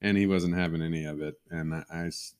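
A middle-aged man with a deep, low voice talks casually on a podcast. He tells stories in an easygoing way and laughs along as he goes. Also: fairly even intonation, fast, darkish tone. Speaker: podcast co-host. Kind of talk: casual chat.

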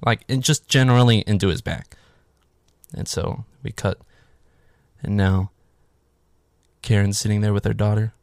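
A man's voice: on the low side, fairly even intonation, unhurried, long pauses, no room sound. A man giving a casual, sarcastic, profane recap of a film, rambling with lots of filler words. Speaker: movie recap host.

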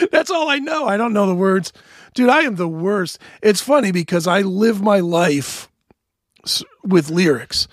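A male podcast host chatting casually, hoarse and joking, with a profane, laughing manner. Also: sits high, unhurried, no echo, studio quality. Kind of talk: casual chat.

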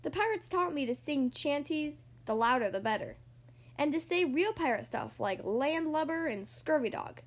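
Lively woman reading a storybook aloud. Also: high voice, moderate pace. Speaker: storybook reader. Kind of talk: storybook read-aloud narration.

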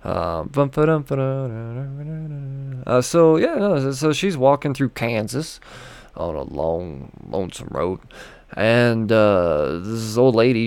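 A man's voice: lowish voice, a little mellow, clean tone, no echo. A man casually reviewing comic books, rambling and joking with frequent swearing. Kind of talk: casual chat.

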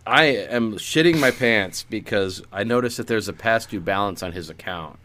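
A man's voice: lowish voice, animated, moderate pace, bright, forceful tone, slight background noise. A man in casual comedic chat, riffing improvised bits and swearing freely. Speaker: podcast co-host.

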